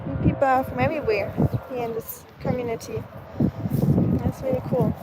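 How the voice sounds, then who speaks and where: A woman's voice: high voice, steady tone, moderate pace, very noisy. A young woman from Germany with a German accent, chatting casually and laughing often as she walks her dog outside on a live stream. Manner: chatty, laughs often, reads and answers chat. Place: outdoors, walking a dog.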